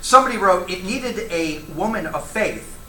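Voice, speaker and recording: A man leads a Bible class in a conversational way, putting questions to the room and reading verses aloud. His voice is bright and lively in pitch. The sound is roomy and echoey, with a faint hum of ambience behind him. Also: normal speed. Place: church classroom.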